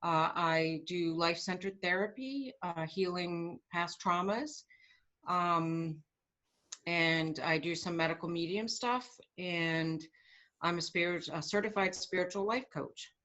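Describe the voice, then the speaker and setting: A woman's voice: fairly low pitch, a little slow, fairly bright tone. A woman psychic medium talking in a casual group chat, upbeat with many fillers. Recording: lo-fi call audio.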